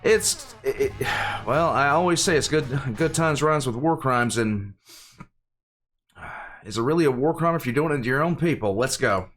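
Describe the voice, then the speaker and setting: A man's voice: mid-range voice, moderate pace, a bit bright, faint music behind. An older man hosting a reaction video, chatting casually with a sarcastic, exasperated edge and frequent laughs. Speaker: reaction channel host.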